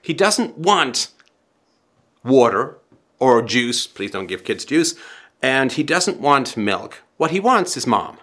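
A man hosting a call-in advice show, talking in an animated, dramatic way and acting out scenes to make his point. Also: medium pitch, slow. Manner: animated, dramatic, acts out scenarios.

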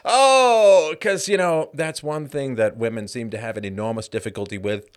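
A man's voice: mid-range voice, moderate pace. A man hosting a livestream show, talking casually in a sarcastic, mocking way and breaking into fits of laughter. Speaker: host of a call-in livestream show. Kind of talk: casual monologue.

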